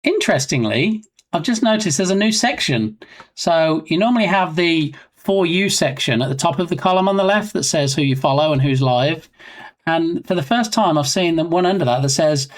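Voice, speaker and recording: A man's voice: on the high side, animated, normal speed. A man chatting casually on a live game development stream, rambling and self-mocking.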